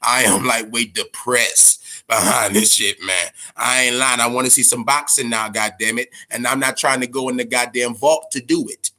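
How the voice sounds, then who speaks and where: A man hosting a boxing talk show, ranting in a profane, casual way, stammering and swinging between a low grumble and loud outbursts. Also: fairly even intonation, moderate pace, few pauses. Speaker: boxing podcast host.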